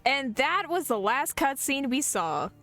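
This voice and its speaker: A woman's voice: high-pitched, very animated, measured pace, a bit bright, faint music behind. A young adult woman streaming a game, chatting casually with playful, jokey asides and frequent laughs. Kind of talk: casual gameplay commentary.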